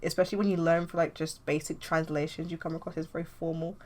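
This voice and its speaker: A young woman comic artist talks through her planning in a casual, rambling way, peppered with "like". Her voice sits a little low for a woman. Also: flat delivery, fast talker. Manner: chatty, loose, with frequent "like". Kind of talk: casual tutorial vlog.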